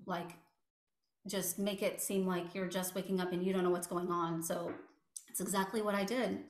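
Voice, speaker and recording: A woman's voice: lowish voice, flat delivery. Hesitant woman in an echoey room. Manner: halting, many fillers and restarts. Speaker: interview guest. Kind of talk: personal testimony.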